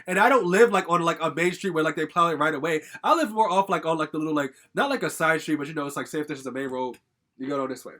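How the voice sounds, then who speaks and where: A fast talker with a slightly high, bright and forceful voice, this young vlogger tells a personal story in a loose, meandering monologue. He sounds agitated, swears freely, and keeps dropping "like" as filler.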